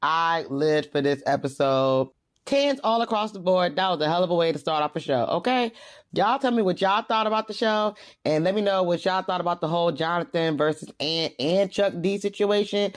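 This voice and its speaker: A woman recapping a reality show episode in a casual, slangy, animated vlog with frequent laughs. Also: on the low side, normal speed. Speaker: reality TV reviewer.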